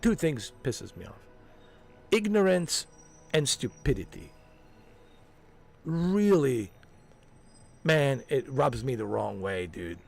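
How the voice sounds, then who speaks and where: A man's voice: mid-range voice, very animated, takes it slowly, gravelly, long pauses, soft background music. A man ranting on a game livestream, heated and profane, dropping "man" and "dude" as he hammers his points home. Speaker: livestream gamer. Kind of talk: casual ranting livestream chat.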